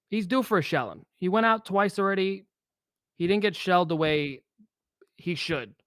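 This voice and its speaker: Blunt, fairly high-voiced betting analyst man. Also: clean tone, no room sound. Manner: blunt, quickly frustrated, stumbles over words. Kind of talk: casual betting talk.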